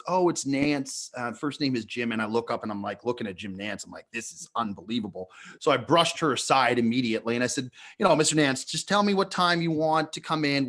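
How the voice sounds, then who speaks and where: A man's voice: mid-range voice, fairly bright tone. A man co-hosting a podcast, telling a long story in a casual, rambling way. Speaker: podcast co-host.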